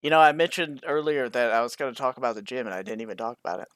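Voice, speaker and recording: A young American man co-hosting a podcast in loose, joking chat, with a bouncy, expressive pitch that swings up and down. His voice is dry and close, with no room echo. He swears freely and riffs on crude jokes. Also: very fast. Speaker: podcast co-host. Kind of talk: casual live-stream chat. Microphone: stream microphone.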